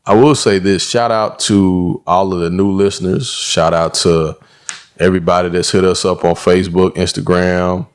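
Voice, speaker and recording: A man's voice: fairly even intonation, normal speed, clean tone. A man co-hosting a casual sports podcast, easygoing and drawling. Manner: easygoing, drawling, given to sudden high-pitched laughing bits. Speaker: podcast co-host.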